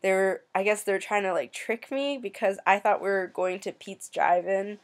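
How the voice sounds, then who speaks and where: A young woman from Canada telling a personal story in a soft, halting, emotional way, with many pauses, near tears. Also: medium pitch. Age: young adult. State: tearful. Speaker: vlogger.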